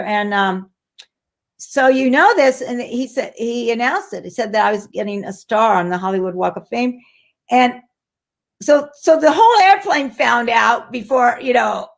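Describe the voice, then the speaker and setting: An older woman tells stories as an interview guest, her voice pitched a little high. She talks animatedly, restarts her sentences often and acts out the voices of people she quotes. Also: gravelly. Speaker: actress guest. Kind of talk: casual interview storytelling.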